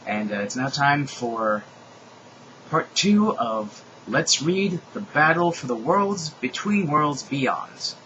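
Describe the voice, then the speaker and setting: Young guy reading a silly fanfic out loud, bright voice, big shouty lines, little faint hiss behind. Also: a little high, slow, muffled recording. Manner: animated, mocking asides, shouted dialogue lines. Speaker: reader of a fan story. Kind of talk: comedic dramatic reading.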